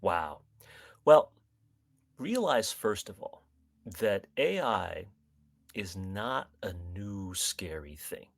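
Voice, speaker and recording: A man's voice: on the low side, sing-song, takes it slowly, vocal fry, long pauses, dry recording. A man, a guest astronomer and author, explaining ideas with enthusiasm on a podcast. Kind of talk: casual podcast chat.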